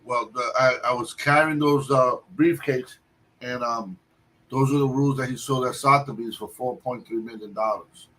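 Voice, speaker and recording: A man telling a long personal story on a livestream, halting often and restarting his sentences. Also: medium pitch, steady tone, pushed and bright. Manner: halting, with many restarts and fillers. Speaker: guest storyteller. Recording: distant mic with faint background noise.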